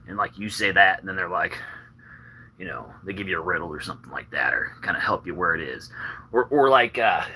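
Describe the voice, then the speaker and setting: A man's voice: sits low, lively intonation, a little fast, pushed and bright, slight background noise, poor audio. A man rambling casually on a live stream, slightly out of breath, with meandering talk full of fillers and restarts.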